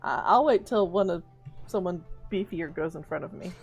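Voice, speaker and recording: Woman, tabletop player, mid-pitched, chatty, joking, faint music behind. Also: moderate pace. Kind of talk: casual game chat.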